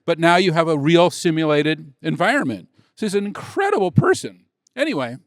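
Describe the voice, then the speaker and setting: A middle-aged man, a tech executive, telling a rambling story on a conference stage, acting out the dialogue with excitement. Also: fairly high pitch, a little fast, no echo, clean studio sound. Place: conference stage before an audience.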